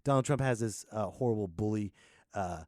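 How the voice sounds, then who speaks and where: A man from the United States hosting a solo comedy podcast: an animated rant, laughing often and slipping into voices. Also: on the low side, moderate pace, no echo, studio quality. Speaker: podcast host.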